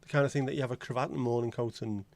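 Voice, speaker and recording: A man's voice: medium pitch, fairly even intonation, very fast, vocal fry, a little mellow, no room sound. A man with a Liverpool accent hosting a casual livestream chat, joking, swearing freely and greeting viewers by name. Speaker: livestream host.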